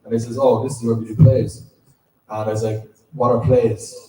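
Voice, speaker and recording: Animated Cork Irish man in a hall. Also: medium pitch, moderate pace, a little hiss or hum. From Ireland. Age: middle-aged. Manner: animated storyteller, laughs often. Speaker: convention panel guest, actor. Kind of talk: live panel talk, anecdotes. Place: large auditorium. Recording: echoey hall, distant mic.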